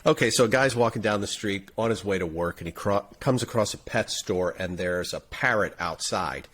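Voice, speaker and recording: A man who produces the podcast, telling a joke in lively storytelling style. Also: lowish voice, moderate pace.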